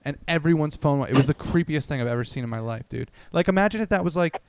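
A man telling rambling, crude stories on a comedy podcast. His voice is smooth and clear, and it sounds close-miked and dry, with no room sound. He keeps breaking into acted-out quotes as he goes. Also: fairly high pitch, lively intonation, fast talker, dry recording. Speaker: podcast co-host. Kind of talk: casual comedy podcast chat.

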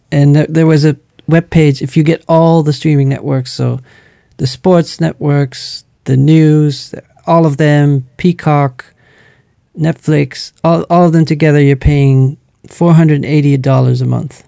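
A man's voice: on the high side, level tone, measured pace, creaky, dark tone, no room sound, studio quality. A man co-hosting a podcast, chatting casually in a playful way and laughing often. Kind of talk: casual chat. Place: Netherlands, indoors.

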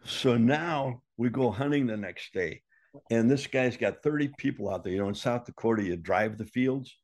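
A man telling a casual anecdote, animated and jumping up in pitch when he acts out what others said. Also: moderate pace. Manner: animated, acts out quoted voices with big pitch jumps. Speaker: storyteller guest.

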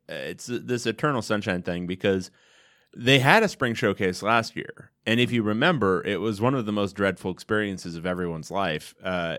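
A man's voice: fairly low pitch, fairly bright tone. A man in his thirties co-hosting a podcast in a studio, with dry, wry humor. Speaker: podcast co-host. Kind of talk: casual podcast chat.

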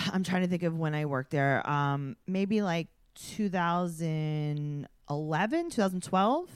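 A woman's voice: low-pitched, slow, clear, resonant tone, dry recording, studio quality. A woman from New York telling a long story in casual chat, acting out the dialogue as she goes. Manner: animated storyteller who acts out quoted dialogue. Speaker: podcast co-host telling a story.

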